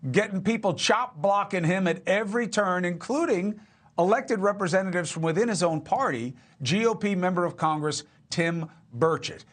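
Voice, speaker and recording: A man hosts a TV news interview with a fairly high voice. He asks direct, pressing questions and moves briskly between guests. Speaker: TV news host.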